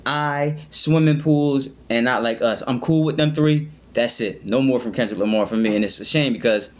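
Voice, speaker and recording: A man talks through a music reaction in a loose, rambling way. He trips over his words and circles back to his points. He keeps asking "you know what I mean?" at a medium pitch. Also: moderate pace. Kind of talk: casual reaction commentary.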